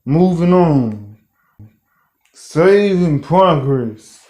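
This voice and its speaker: A man's voice: fairly high pitch, expressive, drawn-out words, warm tone. A man giving casual gameplay commentary, ranting in exasperated slang and reading the game's text aloud. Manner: reads game text aloud. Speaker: gaming YouTuber.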